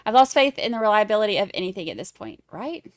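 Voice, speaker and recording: A woman's voice: mid-range voice, very animated, fast talker, dry recording, studio quality. A woman hosting a casual livestream, chatting with viewers in a snarky, laughing way. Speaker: livestream host. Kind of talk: casual chat with live chat.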